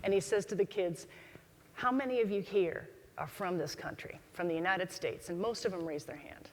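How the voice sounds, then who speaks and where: A woman's voice: on the low side, moderate pace, a little hiss or hum. A woman speaker telling stories to a live audience, acting out the voices of the people she quotes. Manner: animated storyteller, acts out quoted voices. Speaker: keynote speaker. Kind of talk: storytelling talk to a live audience. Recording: long hall reverb.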